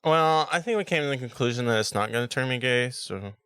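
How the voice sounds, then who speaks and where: A man hosts a movie podcast in a relaxed, profane chat. He laughs a lot and fumbles names on the fly. The voice sits at a middle pitch, recorded close and dry. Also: fast, clear, resonant tone, no echo. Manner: swears a lot and laughs often. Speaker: podcast host.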